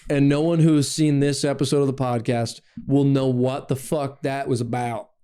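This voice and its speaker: With a dark, clear and resonant tone, this young man co-hosts a laid-back podcast at a moderate pace and flat delivery. He wanders through stories, curses liberally, and mimics others by raising his voice.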